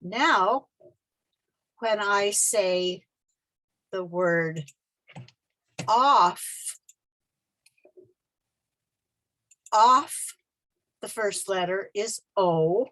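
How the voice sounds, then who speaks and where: A woman teaching short vowel sounds in a slow, patient way, repeating each sound for the learner. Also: medium pitch, fairly bright tone. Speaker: literacy teacher. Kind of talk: slow pronunciation lesson.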